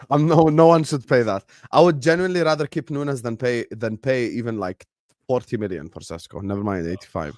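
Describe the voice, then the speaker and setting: A man's voice: medium pitch, brisk, no echo, clean studio sound. A man hosting a football watchalong, talking in casual, emphatic, joking banter with his co-host. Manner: animated, emphatic, laughing banter. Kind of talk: casual chat.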